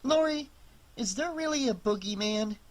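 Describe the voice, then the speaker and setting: A narrator voicing a small, frightened boy who loves comic books, in a high, eager voice. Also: expressive, normal speed, close to an everyday voice.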